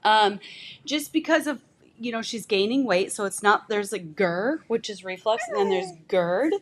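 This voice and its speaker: Lively young mother chatting on livestream. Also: medium pitch, normal speed, slight background noise. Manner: chatty, explains things plainly. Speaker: livestream co-host, new mother. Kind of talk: casual livestream chat.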